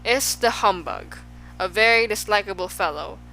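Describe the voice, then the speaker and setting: A woman's voice: medium pitch, moderate pace, fairly bright tone, faint music behind, natural voice, low-quality recording. A woman doing an indignant spelling bee. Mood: scornful. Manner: indignant, scolding.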